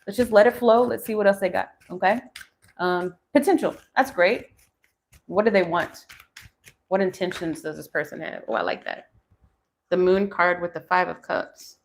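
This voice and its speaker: Low-voiced woman in her forties reading tarot. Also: lively intonation, moderate pace, gravelly, long pauses, a little hiss or hum. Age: 40s. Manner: musing, thinking aloud between card pulls. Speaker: tarot reader.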